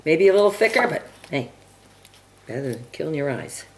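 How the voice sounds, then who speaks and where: A woman giving a casual cooking demonstration in her home kitchen, chatting and clearing her throat often. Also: deep voice, very animated, moderate pace. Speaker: home cook demonstrating a recipe. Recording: home video with kitchen noise. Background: chopping, dishes and cutlery clatter.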